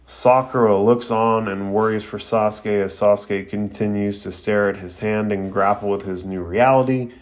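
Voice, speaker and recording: A young man recapping an anime episode in a laid-back, slangy podcast style, with plenty of fillers. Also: fairly low pitch.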